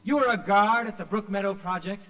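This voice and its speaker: An actor playing a prosecutor questioning witnesses slowly and deliberately, in 1940s radio acting. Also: male voice, high voice, music in the background, natural voice. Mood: probing. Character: measured male courtroom prosecutor. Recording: muffled old radio recording with reverb.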